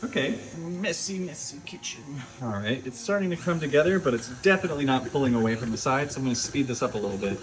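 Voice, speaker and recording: A man's voice: medium pitch, very fast, few pauses. Wry, joking man hosting a home cooking show. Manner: wry, self-deprecating, joking asides. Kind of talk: casual cooking vlog narration. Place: home kitchen.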